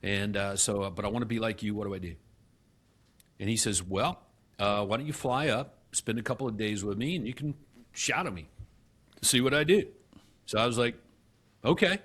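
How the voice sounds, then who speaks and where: A middle-aged man speaking in a fairly low voice, recounting his past as an interview guest. He acts out old conversations with lively shifts and often restarts his sentences. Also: brisk. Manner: animated storyteller who acts out past dialogue, with frequent restarts. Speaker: guest, real estate company CEO.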